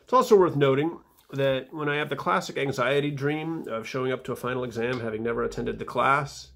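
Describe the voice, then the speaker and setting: A man reading his own footnotes aloud in a casual vlog, dry and wry, with fillers and soft mumbled asides. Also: medium pitch, a little fast, creaky.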